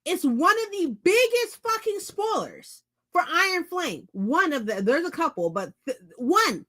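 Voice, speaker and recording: High, lively woman ranting to viewers. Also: measured pace. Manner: animated, profane, repeats phrases for emphasis. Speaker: book vlogger host. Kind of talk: casual chat to viewers. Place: indoors at home.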